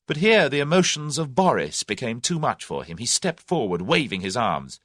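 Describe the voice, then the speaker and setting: Expressive male audiobook narrator. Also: medium pitch, moderate pace, few pauses, no echo, studio quality. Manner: expressive, dramatic reading. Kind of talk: scripted narration.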